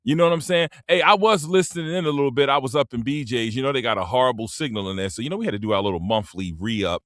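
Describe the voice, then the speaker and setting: A man hosting a casual live stream, talking in a laid-back, rambling way into a simple microphone, often clearing his throat. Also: medium pitch, lively intonation, very fast, a bit bright, no room sound, clean studio sound.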